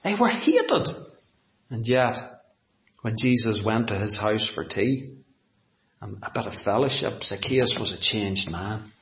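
A man preaching a sermon, dramatic and full of rhetorical questions, swinging from loud to hushed. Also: on the low side, sing-song, a little slow, long pauses. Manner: asks the audience rhetorical questions. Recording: echoey room.

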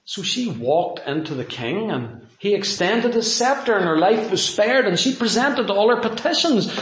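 A man's voice: high voice, a bit bright, echoey room, low-quality recording. A man preaching a sermon in a conversational way, telling personal anecdotes.

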